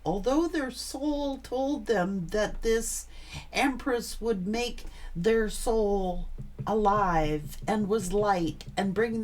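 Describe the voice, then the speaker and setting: A woman's voice: on the high side, a little mellow. A woman giving a tarot reading, blunt and emphatic, swearing freely as she talks. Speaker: tarot reader.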